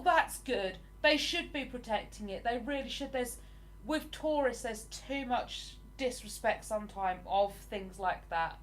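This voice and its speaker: A woman's voice: on the high side, a bit bright. An English woman in her forties, chatting casually with viewers on a livestream and answering their comments. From England. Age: 40s. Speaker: livestream host.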